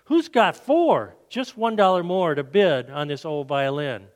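A man voicing an old-time auctioneer who calls out bids in a brisk, sing-song way, recorded with a long church-hall reverb. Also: fairly high pitch, animated. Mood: calling bids.

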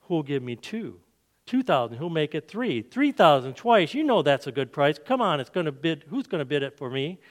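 A man voicing an old-time auctioneer who calls out bids in a brisk, sing-song way, recorded with a long church-hall reverb. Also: on the high side, very animated. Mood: calling bids.

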